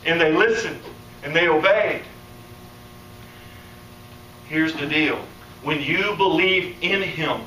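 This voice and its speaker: Man preacher, animated sermon, bright high voice, echoey hall, picked up from a distance. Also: takes it slowly, long pauses. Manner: animated, acts out quoted voices, laughs. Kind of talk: conference sermon. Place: conference hall. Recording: echoey hall, distant mic, faint room noise.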